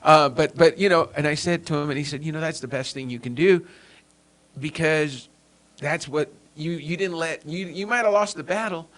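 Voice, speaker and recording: Male podcast host, slightly high pitch, earnest and casual. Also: moderate pace, a bit bright. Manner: earnest, restarts often with repeated words. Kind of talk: casual interview chat.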